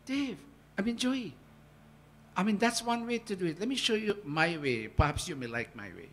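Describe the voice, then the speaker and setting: A man teaching a scripture workshop, talking in an earnest, animated devotional manner. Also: high voice, moderate pace, a little hiss or hum. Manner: animated, earnest, with swells of emphasis.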